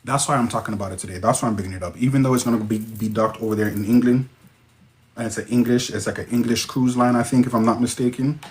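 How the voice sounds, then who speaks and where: Casual male livestream host, Jamaican accent, middle pitch, reacts to chat with sudden high outbursts. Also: fast, slight background noise. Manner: excitable, interjects sudden high-pitched exclamations. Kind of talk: casual livestream chat reading viewer comments.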